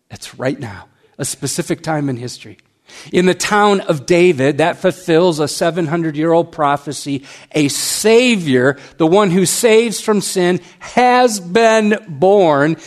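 A man preaching a sermon, his voice sitting a little high for a man. He takes his time, rhyming through a story before turning to earnest appeals and a hushed prayer. Every phrase is slow and deliberate. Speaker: pastor.

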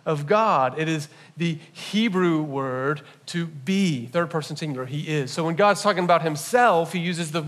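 A man preaching a church sermon as a pastor, teaching in a conversational, animated way with playful asides to the congregation. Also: fairly high pitch, moderate pace, hardly any pauses. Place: church service.

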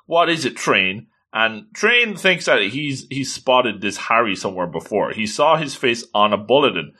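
A man recapping an episode in a casual, excitable way, exclaiming often. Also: mid-range voice, moderate pace. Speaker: anime recap host.

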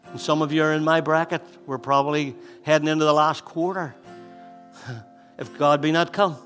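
A man in his sixties delivers a sermon with fervour, repeating his phrases for emphasis. His voice is bright and forceful, sitting a little high. A long reverb from the church hall trails each line. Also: steady tone, normal speed, pauses often, soft background music. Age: 60s. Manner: fervent, repeats phrases, swings from loud exhortation to hushed intensity. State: out of breath. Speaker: pastor.

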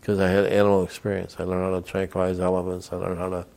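A man's voice: sits low, completely flat delivery, fast talker, vocal fry, darkish tone. An older man, a veteran, telling rambling anecdotes in an oral history interview and acting out the people he quotes.

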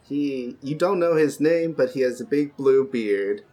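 A man's voice: mid-range voice, expressive, measured pace, warm tone. Rambling game master, man. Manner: rambling, joking, with filler "like". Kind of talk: narrating a tabletop game.

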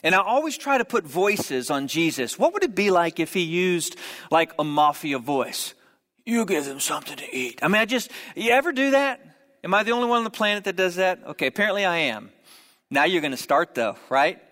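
A man preaching a sermon, telling a story with humorous asides and quick jokes. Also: high-pitched, sing-song, pushed and bright, big-room sound. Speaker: pastor.

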